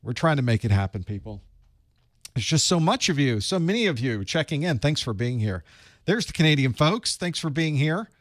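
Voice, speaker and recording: A man's voice: a little high, sing-song, moderate pace, dry recording, clean studio sound. Folksy Southern man hosting a livestream. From Southern United States. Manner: chatty and folksy, greeting viewers by place. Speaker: IT certification instructor hosting a live study group. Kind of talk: casual livestream pre-show chat.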